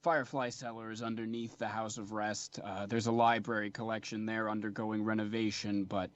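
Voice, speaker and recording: A man playing a gruff grudging gatekeeper. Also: level tone, brisk, muffled recording, lightly acted. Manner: gruff, grudging, low-key.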